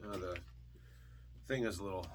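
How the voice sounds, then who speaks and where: A man's voice: deep voice, normal speed, background noise. A man hosting a casual vlog about thrift-store records, rambling with lots of ums and uhs. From partly Scottish heritage. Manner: rambling, with many fillers and restarts. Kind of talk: casual chat.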